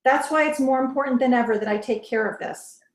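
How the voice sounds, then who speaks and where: A woman's voice: high voice, brisk. A woman reading the lines of a determined young witch who speaks to her lover in a reassuring, guarded way. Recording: roomy echo.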